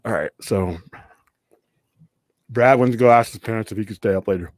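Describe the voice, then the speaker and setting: A man's voice: fairly low pitch, moderate pace, long pauses, darkish tone, no echo. Rambling male live-stream host from California. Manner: loose and rambling, greets chat viewers. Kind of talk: casual live-stream chat.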